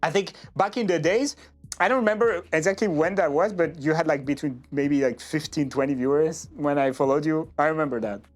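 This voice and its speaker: A man who streams, chatting as an interview guest in a rambling, halting way with many restarts. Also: fairly high pitch, soft background music. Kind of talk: casual interview chat.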